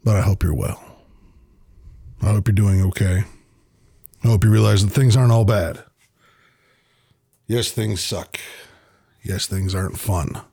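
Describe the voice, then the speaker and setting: A man with a gravelly, rough-edged voice talks on his own as a podcast host. His delivery is blunt and full of swearing, yet earnest and reflective. The sound is close and dry, with no room around it. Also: lowish voice, measured pace, pauses often, dark tone, dry recording. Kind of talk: casual solo monologue.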